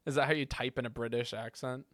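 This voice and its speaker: A man's voice: mid-range voice, fast talker, no room sound. A man streaming a game, chatting casually and joking with viewers as he plays. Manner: relaxed, joking, reads chat aloud. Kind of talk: casual gameplay chat with viewers.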